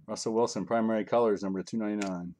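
Rapid-fire and fairly even in intonation, this low, darkish male voice comes with slight background noise. He hosts a live card break from home, rambling in a chatty way while calling out each card from the packs he opens.

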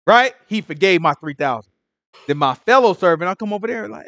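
Male Bible teacher, high voice, dry close sound, slangy and animated retelling. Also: fast, no room sound. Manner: street slang, acts out characters, animated. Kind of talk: casual sermon retelling scripture.

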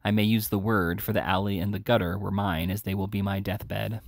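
A man's voice: on the low side, fairly even intonation, brisk, vocal fry, no room sound, studio quality. A man voicing a desperate, ashamed young woman thief, pleading and urgent.

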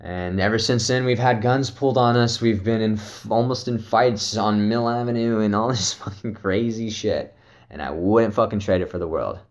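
A man's voice: lowish voice, moderate pace. A young man casually telling a story as a vlogger, loose and profane, laughing often and full of fillers. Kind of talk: casual storytelling, trip report.

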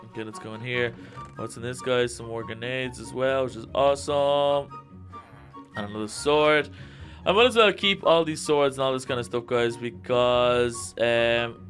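A man giving let's-play commentary, jittery and excitable, talking straight to his viewers. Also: mid-range voice. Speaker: gaming YouTuber.

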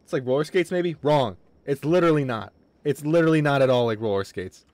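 A young man commentating his game on a livestream, excitable and swearing, with quick outbursts of frustration. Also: medium pitch, no echo. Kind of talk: casual gaming livestream commentary.

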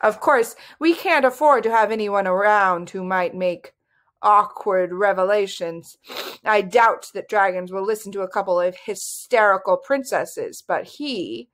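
A woman voicing a pompous young male wizard, haughty and theatrical, who climbs into shrill shrieks. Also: measured pace, a bit bright, lightly acted. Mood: scheming. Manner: haughty, superior, rising to shrieks.

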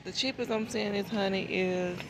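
Gravelly-voiced woman vlogging in a store. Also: mid-range voice, moderate pace. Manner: chatty, thinks aloud about prices. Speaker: shopping vlogger. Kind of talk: casual chat to viewers while shopping. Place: large supermarket, indoors. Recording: noisy store background.

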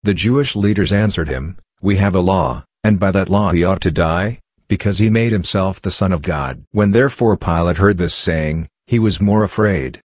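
A man giving a steady, measured scripted Bible reading. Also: sits low, dry recording. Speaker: scripture reader.

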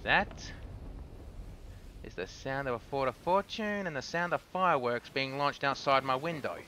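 Bright-voiced Australian man streaming a game. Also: mid-range voice, lively intonation, moderate pace, a little hiss or hum. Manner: chatty, swears when frustrated. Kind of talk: casual live game commentary. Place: home room with fireworks outside.

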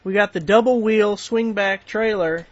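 This tool deals host goes through a coupon rundown in a casual vlog rant, blunt, profane and quick to get worked up. His high-pitched voice keeps a measured pace, captured in lo-fi sound with no room sound.

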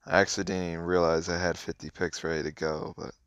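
Deep-voiced man muttering game commentary. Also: little pitch movement, fast talker, a bit bright, clean tone, no room sound, highs cut off. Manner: offhand, muttering running commentary. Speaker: mobile game streamer. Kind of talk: casual gameplay commentary.

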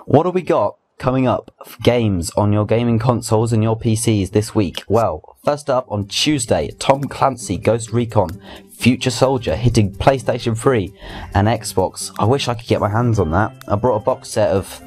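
A young man with a fairly low voice runs through the week's game news in a casual, rambling way. He stumbles and restarts often and throws in personal asides. It sounds like a home desk mic. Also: moderate pace, a little mellow, faint music behind. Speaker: gaming video host. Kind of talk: casual weekly games news roundup.

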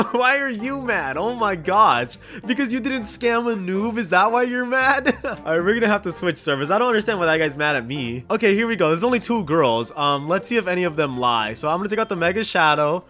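Giggly, high-pitched gaming commentator. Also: male voice, expressive, brisk, bright, forceful tone. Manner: giggly, often breaks into laughter; reads chat messages aloud in an exaggerated voice. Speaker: gaming YouTuber. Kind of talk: excited gameplay commentary.

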